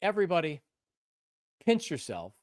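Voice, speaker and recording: An older man hosting a live sports talk stream, passionate and emphatic, repeating himself and at times breaking into shouts. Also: on the high side, huge pitch swings, moderate pace, no room sound, studio quality. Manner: bursts into shouting. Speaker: sports show host.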